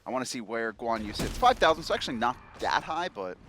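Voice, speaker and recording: A man giving fast play-by-play commentary on a video game match, joking and acting out players' chatter. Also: mid-range voice, sing-song, a bit bright, faint music behind. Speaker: esports caster.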